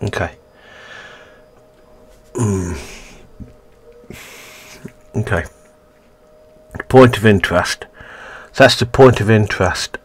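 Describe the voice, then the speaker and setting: A man's voice: on the low side, slow, long pauses, slightly rough. A man casually reading a narrative game's text aloud and commenting, often stumbling and correcting himself. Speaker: let's-play gamer.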